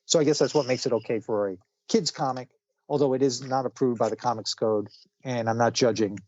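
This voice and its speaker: A man's voice: mid-range voice, brisk, darkish tone, no room sound. A man casually recapping a comic book plot on a podcast, rambling with plenty of fillers. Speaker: podcast co-host. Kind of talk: casual comic review chat. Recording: slightly muffled dry recording.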